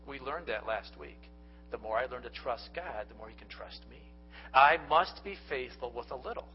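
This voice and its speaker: A man's voice: medium pitch, expressive, normal speed, faint music behind. A man preaching a sermon as pastor, speaking earnestly and directly to his congregation and telling folksy stories. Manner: folksy storytelling. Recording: dull lo-fi recording.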